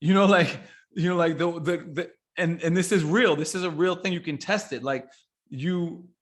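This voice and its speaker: A man talking casually as a podcast guest, blunt and swearing freely, rambling with restarts and building into lively everyday examples. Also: a little high, normal speed. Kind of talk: casual conversation.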